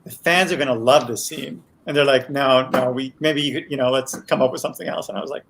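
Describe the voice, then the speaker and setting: A man's voice: medium pitch, fairly even intonation, quick pace, creaky, noisy background. A man, a TV series creator, chatting casually as a podcast guest, telling set stories with many restarts.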